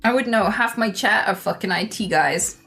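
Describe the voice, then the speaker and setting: A woman's voice: mid-range voice, moderate pace, bright, forceful tone, soft background music. A woman streamer reading memes aloud and reacting, laughing often and swearing freely.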